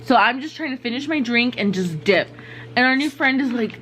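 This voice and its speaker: A woman's voice: on the high side, expressive, fairly quick, a bit bright, a little hiss or hum, poor audio. Laid-back young woman telling a night-out story. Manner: laid-back, slangy, says "like" a lot. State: a little tipsy. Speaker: vlogger. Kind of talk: casual storytelling chat.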